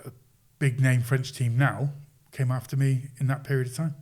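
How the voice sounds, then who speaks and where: A man guest on a podcast, telling stories in an animated, casual way and acting out quoted voices. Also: mid-range voice, normal speed. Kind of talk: casual storytelling.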